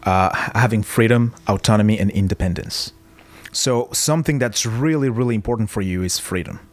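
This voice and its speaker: A man's voice: lowish voice, brisk. A man working as a behavior analyst, explaining someone's test results in conversation and often affirming with "yeah".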